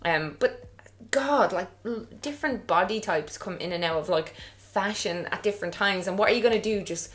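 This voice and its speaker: A woman's voice: medium pitch, normal speed, a bit bright. A young woman with an Irish accent chatting frankly and laughing easily while she does her makeup indoors. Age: young adult. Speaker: guest vlogger. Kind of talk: casual chat while doing makeup. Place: indoors, getting ready.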